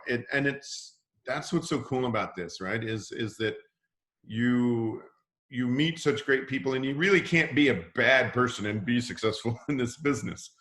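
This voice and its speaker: A man with a middle-pitched voice hosts a team call and rambles casually. He restarts often and leans on "you know". The sound has a roomy echo. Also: fairly bright tone. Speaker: team leader hosting the call. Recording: echoey room sound.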